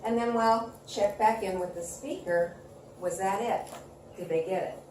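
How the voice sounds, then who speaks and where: A woman facilitating a workshop, calmly giving instructions for a listening exercise to the group. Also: medium pitch, unhurried. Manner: calm, instructive, gentle pacing. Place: large conference hall. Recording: roomy hall from far off, noisy.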